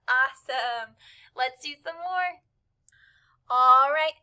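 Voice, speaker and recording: A woman's voice: high-pitched, measured pace, bright, forceful tone. A woman teacher, out of breath, leading a cheerful spelling lesson for young children and encouraging them as she jumps along. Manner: cheerful, encouraging, spells letters aloud while jumping.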